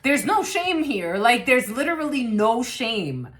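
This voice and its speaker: A woman's voice: on the high side, very animated, measured pace, fairly bright tone. A woman giving a collective tarot reading to camera, blunt and rambling, swearing freely and laughing often. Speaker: tarot card reader.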